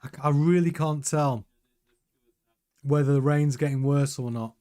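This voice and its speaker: A man's voice: fairly high pitch, unhurried. Chatty man hosting a live watch-along. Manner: chatty and excitable, answering viewers' chat. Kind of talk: casual live race commentary.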